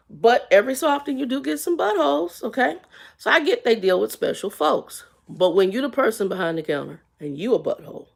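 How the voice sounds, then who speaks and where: A woman in her fifties telling a story on a live stream in a folksy, plain-spoken way, swinging from loud outbursts to hushed asides. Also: mid-range voice, gravelly. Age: 50s.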